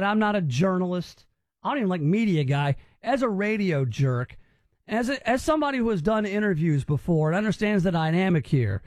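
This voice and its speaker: In a dry, close recording, a male talk radio host reacts to news clips with mocking disbelief. His high voice jumps about in lively, animated pitch swings.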